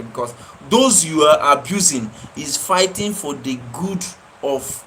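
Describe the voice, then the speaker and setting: Nigerian man, livestream host, slightly high voice, slow deliberate delivery, fiery and scolding. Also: animated, fairly bright tone, slight background noise, rough recording. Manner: impassioned, scolding, repeats his phrases for emphasis. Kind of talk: live-stream commentary answering viewers.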